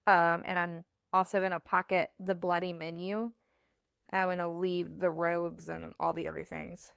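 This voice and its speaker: Lower-voiced woman player, hesitant. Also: flat delivery, moderate pace, gravelly, fairly bright tone, smooth, no echo, studio quality. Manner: questioning, hesitant with likes. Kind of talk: casual tabletop play.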